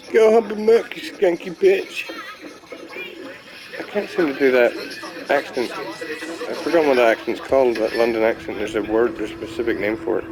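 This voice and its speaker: A man's voice: medium pitch, rough recording. A young man giving casual, rambling commentary while playing a video game, swearing now and then. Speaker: gamer. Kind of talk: casual let's-play commentary. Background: game music.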